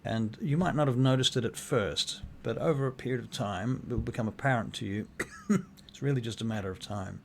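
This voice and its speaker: A man's voice: medium pitch, brisk, creaky. A man narrating as game master of a tabletop game, hesitant and thoughtful. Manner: thoughtful narration with many fillers and restarts.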